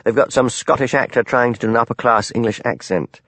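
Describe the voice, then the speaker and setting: A man's voice: mid-range voice, brisk, a bit bright, dry recording. A man voicing a chatty hotel manager with sardonic opinions.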